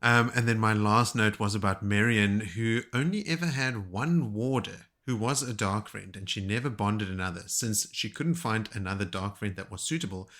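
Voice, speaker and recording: A man's voice: lowish voice, normal speed, hardly any pauses, fairly bright tone. A man co-hosting a casual book-discussion podcast, sharing notes with a joking tone and laughing often. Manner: joking, laughs between remarks. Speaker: podcast co-host.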